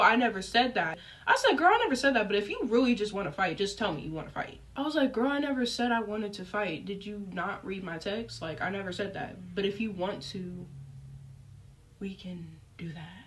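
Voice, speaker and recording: A young woman with a fairly high voice tells a personal story in a loose, chatty way. She leans on fillers and animated asides. She sits a little back from the mic. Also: distant mic. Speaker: storyteller vlogger. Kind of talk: casual storytime chat.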